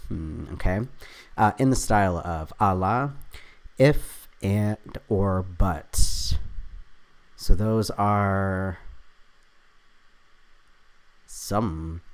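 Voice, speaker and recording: A man with a low voice talks very slowly, leaving long pauses, while hosting his own video. He works through a crossword out loud, reading clues half to himself and adding chatty, self-deprecating asides.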